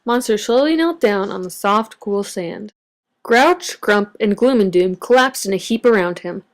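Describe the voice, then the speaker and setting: A woman reads a children's picture book aloud in a mid-range voice. Her storytelling is expressive and varied. She gives the story a gentle read-aloud lilt. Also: mid-range voice, a little slow. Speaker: storybook reader.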